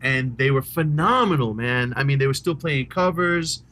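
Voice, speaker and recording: A man's voice: mid-range voice, lively intonation, normal speed, sharp tone. A middle-aged man, chatting casually and enthusiastically as a podcast co-host, rambling and swearing freely. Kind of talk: casual chat about rock music.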